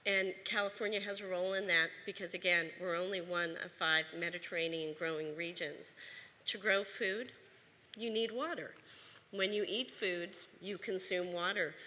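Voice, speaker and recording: A woman delivers an earnest, emphatic conference talk as an agriculture official, now and then restarting a word. Her voice is bright and forward. The sound carries a long reverb from a large hall. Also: lowish voice, fairly even intonation, normal speed. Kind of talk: conference speech.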